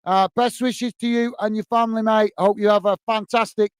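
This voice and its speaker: A man's voice: high-pitched, level tone, fairly quick, smooth, dry recording. A man hosting a football fan livestream, casually reading out viewer comments in a friendly, chatty way, full of "uh" and "mate". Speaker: football channel host.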